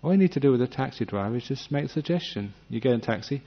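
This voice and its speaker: A man giving a gentle, humorous meditation talk, acting out little scenes as he teaches. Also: mid-range voice, animated, racing. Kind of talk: dharma talk. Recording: dull lo-fi recording.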